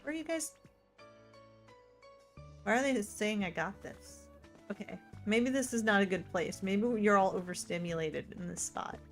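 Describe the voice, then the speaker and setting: A woman in a casual let's-play stream talks to her in-game companions. She is chatty and excitable, and she swings between gushing and muttered grumbling. Soft game music plays faintly behind her voice. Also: mid-range voice, moderate pace. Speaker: gaming streamer.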